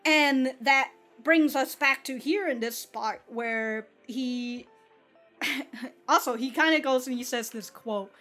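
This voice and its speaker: Lady chatting about an anime ep, kinda high voice, giggles a lot, swears, faint music behind. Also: takes it slowly, pushed and bright. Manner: rambling, laughs often, swears casually. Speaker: anime reaction channel host. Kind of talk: casual reaction commentary.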